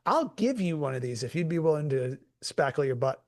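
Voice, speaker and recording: A male comedian co-hosting a podcast, spinning rambling, absurd comic stories with deadpan delivery. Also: a little high, brisk. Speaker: comedian co-host. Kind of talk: comic storytelling chat.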